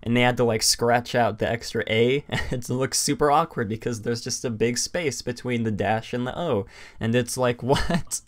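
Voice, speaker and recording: A man's voice: mid-range voice, steady tone, normal speed. A young man co-hosting a casual podcast chat, rambling with many fillers and restarts, and he has the hiccups. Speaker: podcast co-host.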